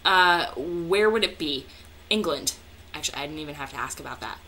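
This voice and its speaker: A woman's voice: deep voice, expressive, a little fast, pushed and bright, a little hiss or hum. A young woman chatting casually as a vlogger, answering viewer questions in a hyper, jokey way with plenty of swearing. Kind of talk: casual chat.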